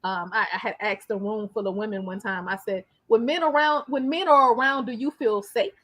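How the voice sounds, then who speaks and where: Woman, interview host, casual conversation, animated, repeats phrases, higher-pitched. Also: fairly quick. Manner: animated, repeats phrases, frequent tag questions.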